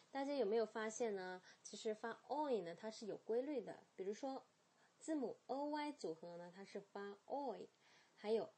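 A woman with a fairly high voice teaches English pronunciation. She speaks slowly, shaping each sound with care, and models the words and phrases several times over. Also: dark tone, slightly rough. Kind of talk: slow, clear pronunciation lesson.

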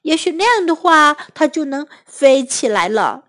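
A woman's voice: high voice, moderate pace. Woman doing a patient encouraging frog. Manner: calm, coaxing.

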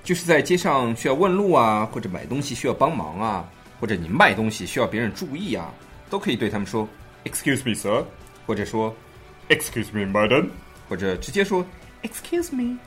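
With a medium-pitched voice and a brisk pace, a man co-hosting a language show jokes and teases while explaining English phrases in Mandarin. The lesson is animated, playful banter over soft background music.

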